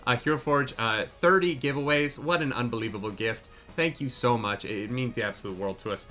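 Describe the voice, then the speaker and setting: Bright-voiced man running a tabletop game. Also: mid-range voice, brisk. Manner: excited, swears freely. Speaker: game master.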